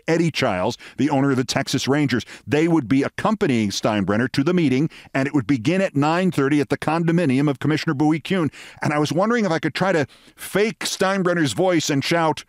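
A man in his sixties hosting a show, telling a personal story with vivid detail and dramatic pauses. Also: medium pitch, no echo, studio quality. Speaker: host.

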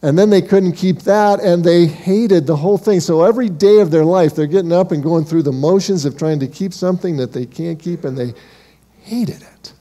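Addressing his congregation as beloved, this pastor moves briskly through his sermon with hardly any pauses, using rhetorical questions. His fairly high voice is warm and mellow, and his dynamic delivery shifts from emphatic lines to ones spoken almost in a hush.

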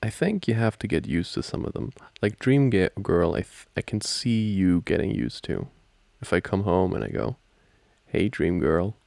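A young man in a whispered role-play as a boyfriend, soft-spoken and playful, laughing often, close to the microphone. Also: low-pitched, sing-song, moderate pace, creaky, hardly any pauses, no room sound.

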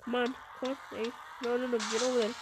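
A woman giving live commentary on her own gameplay, excitable and full of playful trash talk and sudden shouts. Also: on the high side, fast, very noisy. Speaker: gameplay video host. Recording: game music playing behind. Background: game music.

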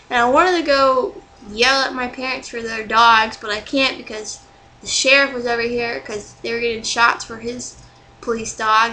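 A woman's voice: fairly high pitch, normal speed, sharp tone, slight background noise, rough recording. A young woman talking casually to camera in a vlog, rambling and exasperated, still angry and swearing freely. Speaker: vlogger.

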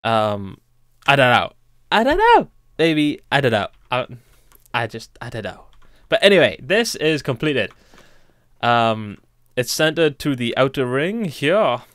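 In this casual let's play, a young man thinks out loud and rambles as he builds. His voice sits at medium pitch, smooth and fairly bright, and the recording is dry.

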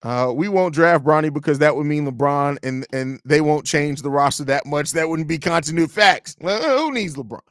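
A man hosting a live fan stream, talking in blunt, profane, animated banter and reading chat comments aloud. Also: on the high side, moderate pace, few pauses, dry recording, studio quality. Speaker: host of a Bulls fan show.

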